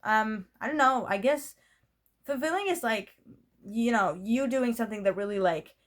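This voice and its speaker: A woman's voice: on the high side, lively intonation, moderate pace. A young woman talking straight to her camera in a casual vlog. She rambles, restarts her sentences and keeps filling the gaps with "like" and "you know what I mean". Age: young adult. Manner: rambling, talkative, many fillers and restarts. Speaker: vlogger. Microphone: camera mic.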